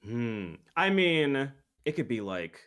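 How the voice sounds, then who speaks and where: A man's voice: mid-range voice, big pitch swings, slow pace, a bit bright. A man, a guest YouTuber, chatting in an easygoing, playful way and going along with the jokes in an improvised comedy bit.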